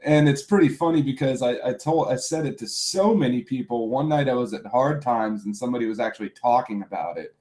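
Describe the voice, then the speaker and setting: Deadpan young man telling offbeat stories. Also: mid-range voice, brisk, hardly any pauses. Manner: deadpan storyteller, offbeat humor. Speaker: podcast co-host. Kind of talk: casual chat.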